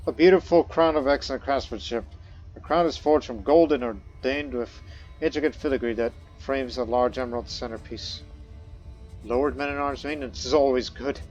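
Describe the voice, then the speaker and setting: A man's voice: medium pitch, normal speed. Man narrating a strategy game playthrough. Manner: reads event text aloud in first person, then muses. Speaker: gameplay commentator. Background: faint background music.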